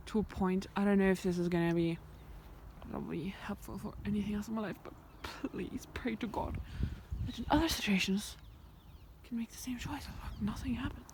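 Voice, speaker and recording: A woman's voice: medium pitch, darkish tone, a little hiss or hum. A woman talking to her camera on a countryside hike, thinking aloud in a rambling way and often dropping to a whisper. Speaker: vlogger. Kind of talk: reflective walking vlog. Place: outdoors in the countryside by a fence. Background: birds and sheep in the open air.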